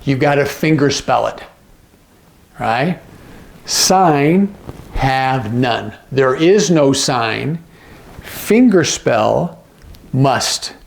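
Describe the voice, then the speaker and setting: A man's voice: mid-range voice, expressive, gravelly. A man teaching sign language phrases, patiently repeating each phrase and often checking in with the viewer. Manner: repeats phrases slowly, gloss by gloss. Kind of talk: instructional explanation.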